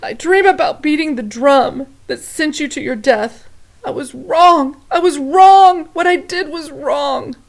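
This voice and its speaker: Woman doing a sad old dad mouse begging, high pitched and shaky. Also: measured pace. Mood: remorseful. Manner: pleading, trembling. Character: old grieving father mouse, remorseful.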